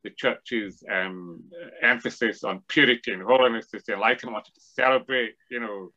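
A man's voice: mid-range voice, steady tone, moderate pace, sharp tone, highs cut off. A man as an interview guest, explaining ideas in a discursive, lecturing way with frequent restarts. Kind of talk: thoughtful academic discussion.

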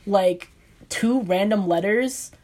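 A woman's voice: medium pitch, slow pace, darkish tone. A young woman co-hosting a podcast in casual chat, giggly and full of fillers. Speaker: podcast co-host.

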